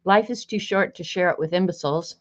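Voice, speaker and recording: Low-pitched woman, art livestream host, chatty and wry, greets viewers, slightly dull lo-fi audio. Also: brisk. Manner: chatty, greets viewers by name, reads snarky sayings aloud. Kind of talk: casual livestream chat.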